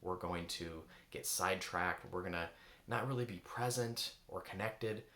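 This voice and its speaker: A man's voice: low-pitched, moderate pace, sharp tone, echoey room. A man giving a reflective coaching talk, searching for words and asking many rhetorical questions. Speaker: eating coach.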